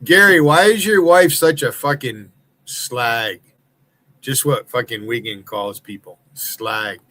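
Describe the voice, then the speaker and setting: A man's voice: mid-range voice, a little slow, sharp tone. Angry, profane male stream host. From United States. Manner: heated, profane, accusatory. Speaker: livestream host.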